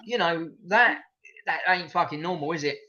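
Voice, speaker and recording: High, bright man ranting on dull audio. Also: normal speed. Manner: indignant, sweary ranting. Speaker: streamer.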